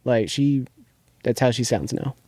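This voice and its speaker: A man's voice: mid-range voice, expressive, measured pace, a little mellow, slightly rough, dry recording, studio quality. A young man co-hosting a podcast, casually recapping a TV episode in a rambling way, restarting often and leaning on filler words. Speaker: podcast co-host.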